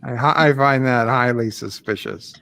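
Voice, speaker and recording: A man teasing in a deadpan way in casual chat on a video call. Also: medium pitch, moderate pace, gravelly.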